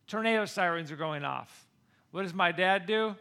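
A man from Michigan telling a personal story to an audience in a lively way, often checking in with listeners by asking "okay?" or "right?". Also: high voice, moderate pace, smooth. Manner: addresses listeners directly with frequent "okay?" and "right?".

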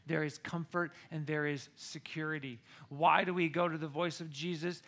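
A middle-aged American man preaching a sermon, telling a personal story with animated, excited bursts. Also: on the high side, moderate pace, few pauses. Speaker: pastor.

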